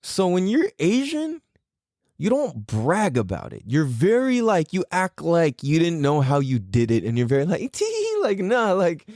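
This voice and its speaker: A man hosts a podcast in a casual, comic monologue, laughing often and imitating his relatives' voices. His voice is fairly high with big pitch swings, a moderate pace and a slightly mellow quality. The recording is dry and studio quality.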